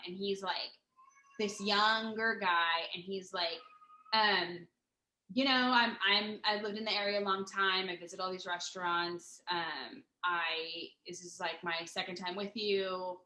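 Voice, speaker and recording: Bright-voiced woman telling a story in a roomy space. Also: mid-range voice, steady tone, measured pace. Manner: rambling, profane, many fillers and restarts. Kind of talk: casual storytelling chat. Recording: roomy echo.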